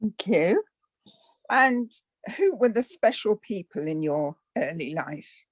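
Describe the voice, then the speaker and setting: A woman's voice: medium pitch, expressive, slow pace. A woman interviewing someone, asking brief, encouraging questions.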